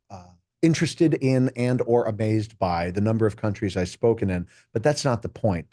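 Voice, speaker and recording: A middle-aged man speaks as an interview guest, his voice mellow and relaxed. He tells stories with real enthusiasm and acts out the quotes. The recording is dry and close, with no room sound. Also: mid-range voice, dry recording. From United States. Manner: enthusiastic, animated storytelling with acted quotes. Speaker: keynote speaker and juggler. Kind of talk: casual interview conversation.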